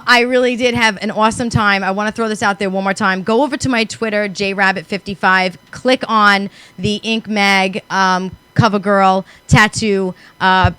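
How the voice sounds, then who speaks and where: A woman co-hosting a casual chat show, telling stories in a profane, animated way. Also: mid-range voice. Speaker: co-host.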